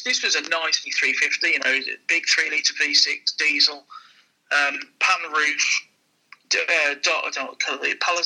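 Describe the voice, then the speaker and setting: A man's voice: on the high side, husky, poor audio. A man, a used car dealer, telling a casual anecdote and acting out the people in it. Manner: lively, acts out the people in his stories.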